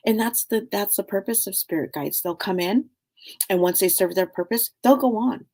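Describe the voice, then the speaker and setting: A middle-aged woman hosting a spiritual talk show, speaking in a meandering, casual way full of fillers, often sinking to a soft hush. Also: mid-range voice, moderate pace.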